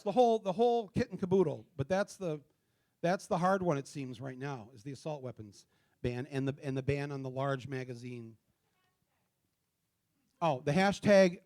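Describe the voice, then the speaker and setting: Middle-aged male host, slightly raised pitch, casual stop-start delivery from a theater stage. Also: a little mellow. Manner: casual, halting, many fillers and restarts; spells out addresses slowly letter by letter. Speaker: town hall host. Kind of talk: live town hall address. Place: theater stage before a live audience.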